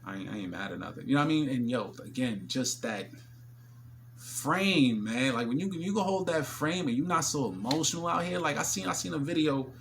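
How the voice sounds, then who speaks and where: A man's voice: mid-range voice, fairly quick, vocal fry, a bit bright, slight background noise. A man, telling stories in a casual, slangy vlog monologue with many fillers, often acting out other people's voices. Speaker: vlogger.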